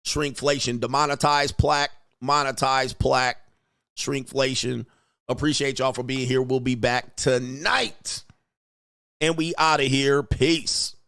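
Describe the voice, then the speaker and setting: Guy doing a casual livestream, blunt and animated, mid pitch, dry close sound. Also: no echo. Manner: blunt, animated, reads out viewer comments. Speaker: livestream host.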